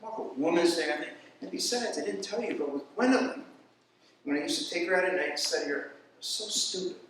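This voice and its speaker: Stand-up comic, man with a high voice, storytelling, heard from afar in a boomy room. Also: fast, a little hiss or hum. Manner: storytelling, animated voices for quoted people. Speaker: stand-up comedian. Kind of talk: stand-up comedy routine. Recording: echoey room, mic far off.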